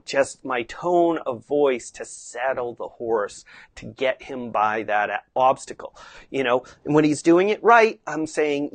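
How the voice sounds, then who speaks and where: Slow, chatty woman horse-driving instructor. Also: low voice, no echo. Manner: conversational, chatty with fillers; lively, acts out tones of voice. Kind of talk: casual teaching talk.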